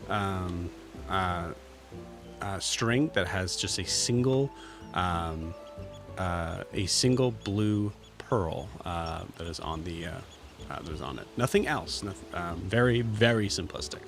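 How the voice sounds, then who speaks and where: A man running a tabletop game as game master, describing items in halting, filler-heavy casual speech. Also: low voice, lively intonation, over music.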